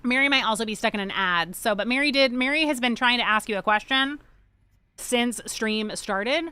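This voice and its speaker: A woman's voice: fairly high pitch, normal speed, pushed and bright, clean tone, no room sound. A young adult woman livestreaming a game, chatting casually in a rambling, joking way and swearing freely. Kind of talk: casual chat while gaming.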